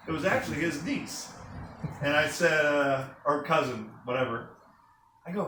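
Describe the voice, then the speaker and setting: An enthusiastic man leads a presentation to a small group and keeps asking his listeners questions. His voice is bright and pushing. It sounds roomy and distant, with a faint hiss behind it. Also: fairly high pitch, moderate pace. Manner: energetic, enthusiastic, talks to the room with questions. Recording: echoey room from a distant mic with faint noise.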